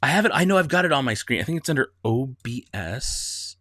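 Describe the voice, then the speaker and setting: A man's voice: a little high, animated, rapid-fire, pushed and bright, no room sound, clean studio sound. Giggly man rambling on a livestream. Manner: giggly, rambling, restarts a lot. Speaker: livestream host. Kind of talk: casual live-stream chat.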